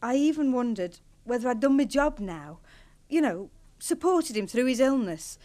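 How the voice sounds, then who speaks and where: A wife caught between loyalty and longing, played by an actress. Her voice sits high and swings widely as she pleads and hesitates, emotional but steady in intent. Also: normal speed, lightly acted. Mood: confiding. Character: torn married woman ending an affair. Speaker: actor in a TV drama.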